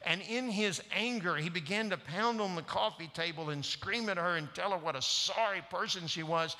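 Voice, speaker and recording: A man's voice: on the high side, lively intonation, normal speed, pushed and bright, long reverb tail. A man preaching a sermon in a church, earnestly and directly questioning the congregation. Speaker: guest preacher. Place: church sanctuary.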